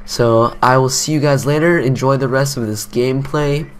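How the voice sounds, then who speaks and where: Rambling teen gamer telling a story. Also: male voice, medium pitch, steady tone, normal speed, clean tone. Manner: rambling, self-mocking, chuckling storyteller. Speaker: gaming commentator. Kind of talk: casual gameplay commentary.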